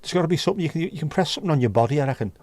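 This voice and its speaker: A man's voice: on the high side, lively intonation, rapid-fire, darkish tone, no echo. A man from North West England, hosting a livestream and chatting bluntly with his viewers. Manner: blunt, chatty, swears casually. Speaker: livestream host. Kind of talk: casual chat with live chat.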